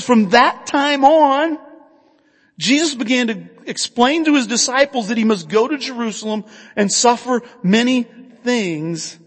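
Long reverb lets this man's high voice ring out as though across a large hall. He's a pastor preaching a sermon, earnest and conversational, questioning his listeners as he speaks.

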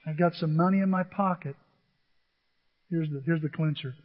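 A man preaching a sermon as pastor, animated and storytelling, acting out the voices of the people in his stories. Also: fairly high pitch, moderate pace, long reverb tail, narrow, tinny audio.

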